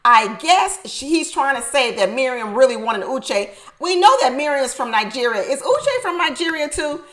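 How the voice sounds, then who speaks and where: A woman with a high voice recaps a reality show in a loose, chatty way. She is animated and emphatic, laughs a lot, and says her favorite lines two or three times over. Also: moderate pace, poor audio.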